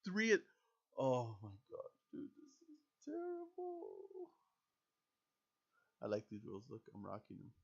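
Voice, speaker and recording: A man chatting casually over a video game, excitable and self-deprecating. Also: mid-range voice, a little slow, vocal fry, pauses often, breathy edge, muffled recording. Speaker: gaming YouTuber. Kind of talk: casual gameplay commentary.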